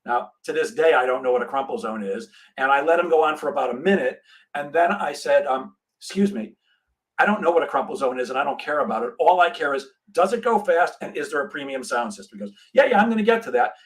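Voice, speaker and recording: Animated middle-aged man telling a story. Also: medium pitch, fast, rough recording. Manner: animated storyteller, acts out dialogue. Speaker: sales trainer, guest. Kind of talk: storytelling in a podcast interview.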